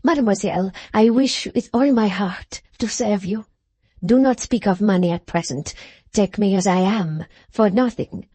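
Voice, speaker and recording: A woman voicing an intense young French lady's maid in an audiobook, speaking in a low, subdued, earnest way with a French accent. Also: normal speed, mellow, husky, no echo, close to an everyday voice. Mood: earnest pleading. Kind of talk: audiobook character voice.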